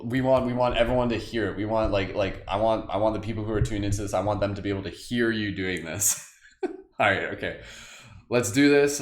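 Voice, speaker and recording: A man's voice: on the low side, echoey room. A man hosting a live group meditation in a casual, joking way, rambling with lots of "like". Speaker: meditation host. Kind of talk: casual guided meditation livestream.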